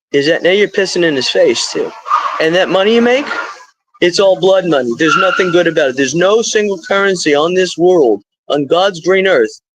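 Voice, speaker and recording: A man's voice: sits high, background noise. A middle-aged man talking to his live stream in a rambling, stream-of-consciousness way, drifting into spiritual asides.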